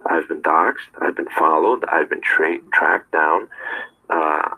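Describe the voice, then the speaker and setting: A man's voice: a bass voice, takes it slowly, pushed and bright, low-quality recording. A man talking straight to his viewers in a confrontational rant, firing off rhetorical questions. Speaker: streamer. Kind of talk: ranting monologue to viewers.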